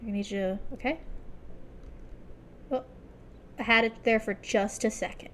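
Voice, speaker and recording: A woman's voice: a little high, fairly even intonation, measured pace, a bit bright, slight background noise. A young woman streamer chatting casually and self-deprecatingly while playing, muttering at the game.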